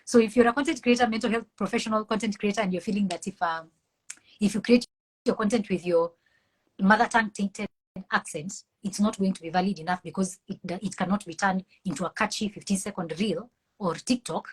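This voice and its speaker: A woman's voice: mid-range voice, fairly quick, husky, poor audio. A woman with a Kenyan accent, a mental health professional speaking earnestly and passionately as an interview guest. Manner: earnest, impassioned, preachy. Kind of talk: conversational interview.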